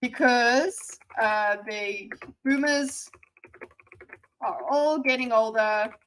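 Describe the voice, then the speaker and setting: A woman's voice: fairly high pitch, drawn-out words, fairly bright tone, slight background noise, low-quality recording. A woman in her thirties, a streamer giving sarcastic, teasing live reaction commentary. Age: 30s.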